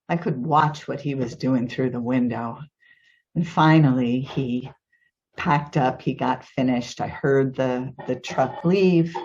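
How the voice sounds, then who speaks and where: A woman telling a personal story to an audience, vivid and emotional, her voice jumping up at tense moments. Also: low-pitched. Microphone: video call. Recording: slightly dull video call audio.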